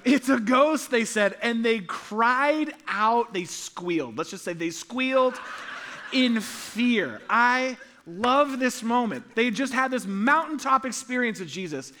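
A male pastor preaching in a church sanctuary, his voice high and bright. He moves between emphatic, rising passages and quiet, hushed ones, dropping humorous asides along the way. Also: slow pace. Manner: animated, swings from loud emphatic to soft hushed delivery. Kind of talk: sermon.

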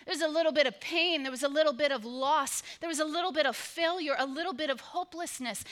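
A woman's voice: high voice, a bit bright. A woman pastor preaching a sermon to her congregation, with an emphatic, repetitive cadence.

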